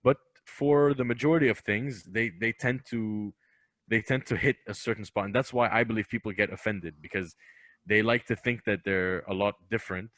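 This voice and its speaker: Bright-voiced emphatic Lebanese-born man. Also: fairly low pitch, normal speed, no room sound. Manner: emphatic, opinionated, repeats phrases. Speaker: comedian guest. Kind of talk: casual podcast chat.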